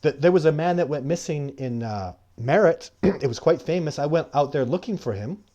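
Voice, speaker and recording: A man's voice: fairly high pitch, animated, normal speed, mellow, muffled recording. A middle-aged man from Canada, hosting a live stream and answering chat questions in a rambling, casual way that turns heated and indignant.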